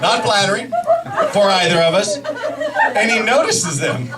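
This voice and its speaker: Animated man doing stand-up comedy. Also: high-pitched, a little slow, heavy background noise. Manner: animated storytelling with frequent restarts. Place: comedy club stage. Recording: distant mic, loud audience laughter.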